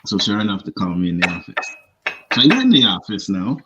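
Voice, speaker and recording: A man on a talk show panel, telling a workplace story in casual chat, animated and profane. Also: deep voice, fast talker, dull audio, very noisy. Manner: animated storyteller, profane, acts out others' lines.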